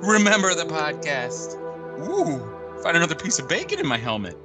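A man's voice: fairly high pitch, wildly swooping pitch, normal speed, music in the background. A man co-hosting a podcast, playing up a comedy skit with goofy, over-the-top drama. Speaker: podcast co-host.

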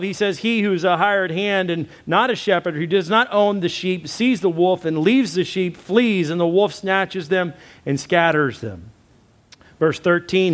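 Pastor, male, slightly raised pitch, emphatic preacher who repeats lines and addresses the congregation directly. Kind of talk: sermon.

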